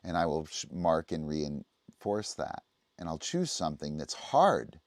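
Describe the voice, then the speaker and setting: A man's voice: extremely low pitch, big pitch swings, a little slow, dry recording, studio quality. A man teaching dog training on a livestream, explaining casually and often checking in with the listener. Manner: conversational, explaining, often asks "right?".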